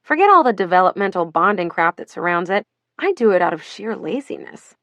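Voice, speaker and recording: A woman's voice: fairly low pitch, sing-song, brisk, a bit bright, no room sound. A woman voicing a blunt, practical working mother in an audiobook, frank and matter-of-fact.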